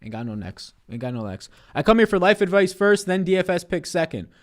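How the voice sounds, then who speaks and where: A man's voice: sits high, very animated, brisk. A man in his twenties on a casual live stream, giving fantasy basketball picks and answering chat in a loose, profane way. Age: 20s.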